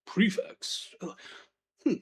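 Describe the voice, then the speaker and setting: A man hosting a podcast, chatting casually through a book chapter, laughing often and slipping into silly character voices. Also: takes it slowly. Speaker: podcast host. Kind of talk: casual book breakdown chat.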